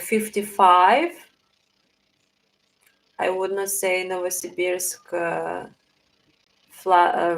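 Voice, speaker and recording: A woman's voice: on the low side, rough recording. A young woman with a Russian accent, hosting a casual livestream, answering chat questions while thinking aloud with fillers. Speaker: livestream host reading chat.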